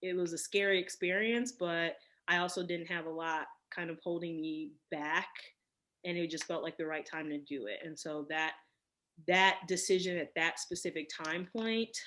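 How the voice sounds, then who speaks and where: Woman, 30s, interview guest; lowish voice, reflective and thoughtful. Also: fairly even intonation, normal speed, fairly bright tone. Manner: reflective, many fillers and restarts. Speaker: podcast guest, cosmetic chemist. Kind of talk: casual interview.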